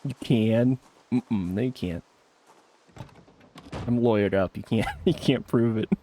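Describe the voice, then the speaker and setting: A man's voice: fairly low pitch, slow, mellow, slight background noise. Laughing, self-mocking man streaming a game. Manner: mock-defensive banter with chat. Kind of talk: casual live game-stream commentary.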